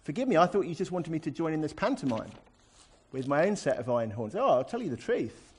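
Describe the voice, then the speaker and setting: A defiant prophet drips with mock courtesy, as a preacher puts him on, leaning hard on the irony. The stays clear, and the delivery is a sermon retelling. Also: male voice, mid-range voice, moderate pace, mellow. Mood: sarcastic. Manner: mock-polite, sarcastic. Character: sarcastic biblical male prophet, defiant.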